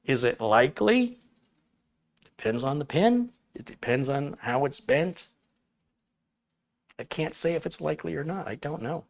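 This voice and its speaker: A man's voice: on the high side, expressive, a little slow, vocal fry, long pauses. A man hosting a live tech stream, answering viewer questions in a folksy, chatty way with small chuckles. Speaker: tech livestream host.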